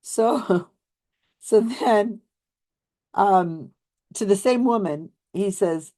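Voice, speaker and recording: A woman telling a story in a casual commentary, wry and lively, often acting out the lines of the people she describes. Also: mid-range voice, drawn-out words. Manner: animated retelling, acts out quoted lines. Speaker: skeptical commentator on psychics.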